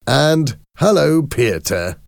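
A man voicing a cheerful, mischievous father in a storybook reading, with a raised, bright delivery. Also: medium pitch, sing-song, slow, vocal fry, no echo, studio quality, voice pushed up, exaggerated voice. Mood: teasing. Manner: bright, teasing, laughing.

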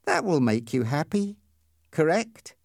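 A man voicing a cruel, menacing teenage boy bully, raised well above his own pitch. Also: very animated, unhurried, gravelly, no room sound, clean studio sound, full character voice. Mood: mocking. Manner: menacing, bossy.

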